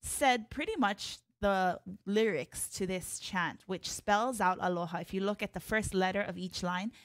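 A woman teaching an online hula class, chatting to viewers by name in a friendly way and leading chants in long drawn-out tones. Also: mid-range voice, no echo, studio quality.

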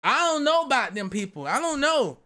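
A young man talks through a video reaction in a high, bright voice. He rambles, swears freely and keeps defending himself in loose casual chat. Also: very animated, a little fast.

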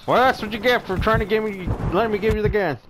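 A man with a high voice talks fast over background noise while playing an online shooter, cracking crude jokes and swearing through casual gameplay banter. Gunfire from the game sits under his voice.

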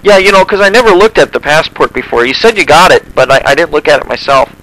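A man on a prank phone call talks in a high, bright voice. He stammers and restarts often, sounding politely suspicious while playing along. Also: lively intonation, quick pace. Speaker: prank caller.

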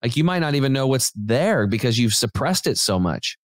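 A man talks as a podcast guest, telling a story in a loose, rambling way with plenty of "like" and "dude". His voice sits in a middle pitch. It sounds dry, with no room echo. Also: fairly quick. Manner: rambling and animated, many fillers and restarts; informal, says "dude" and "like". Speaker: podcast guest, health company founder. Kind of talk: casual storytelling in conversation.

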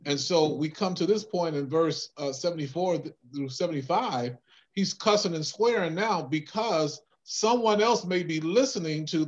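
Man, Bible study participant, easygoing, laughs a lot, higher voice, dull lo-fi sound. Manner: easygoing, laughs often, halting explanations. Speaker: church member in Bible study.

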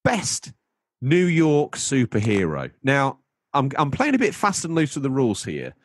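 A man's voice: mid-range voice, huge pitch swings, a little slow, dry recording. A man hosting a podcast, rambling playfully in casual chat. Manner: playful, rambling, breaks into silly put-on voices. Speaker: podcast host.

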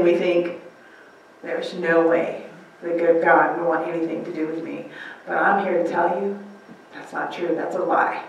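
A woman's voice: fairly low pitch, very echoey, recorded from a distance, a little hiss or hum, low-quality recording. A woman pastor preaching a conversational sermon, asking the room questions and acting out quotes. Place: church sanctuary.

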